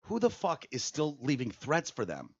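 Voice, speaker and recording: A man's voice: fairly high pitch, wildly swooping pitch, normal speed. A man hosting a podcast in casual chat, rambling and hesitant, swearing casually. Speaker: podcast host. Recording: dull lo-fi audio.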